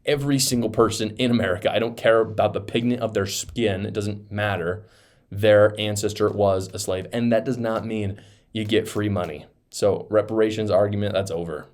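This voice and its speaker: Animated male political commentator. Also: lowish voice, moderate pace. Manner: animated, incredulous, laughs mid-sentence. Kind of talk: reaction commentary.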